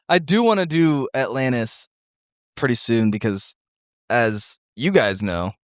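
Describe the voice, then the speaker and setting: A man's voice: medium pitch, lively intonation, slow pace, no room sound, studio quality. A young man hosting a casual podcast, swearing freely, stammering into restarts and laughing often. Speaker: podcast host.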